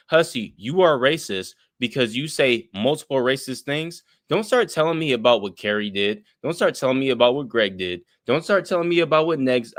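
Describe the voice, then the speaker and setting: A man's voice: on the high side, a bit bright, dry recording, clean studio sound. A man giving blunt, profane commentary on a live stream, lecturing with everyday examples.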